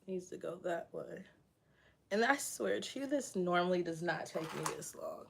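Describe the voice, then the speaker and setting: A woman's voice: fairly low pitch, animated, moderate pace, vocal fry, slight background noise. A woman in her thirties chatting casually while she does her hair, reading and answering comments, tired and a little sick. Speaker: vlogger.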